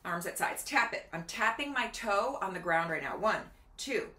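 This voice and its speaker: A woman's voice: medium pitch, animated, normal speed, pushed and bright. A middle-aged woman hosting a casual health vlog, chatty and instructive, counting aloud as she demonstrates exercises at home near a kitchen counter, slightly out of breath. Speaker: doctor and video host.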